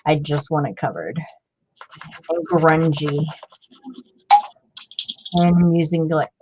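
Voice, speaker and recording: A woman's voice: low-pitched, takes it slowly, highs cut off, very noisy. A woman hosting a casual crafting chat, rambling and interrupting herself as she works. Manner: rambling, self-interrupting, chatty. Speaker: craft channel host.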